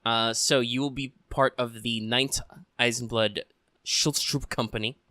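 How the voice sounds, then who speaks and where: A man's voice: medium pitch, a little slow, dry recording, studio quality. A man running a tabletop game as game master, casual and joking, with frequent fillers. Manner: relaxed and joking, with many fillers.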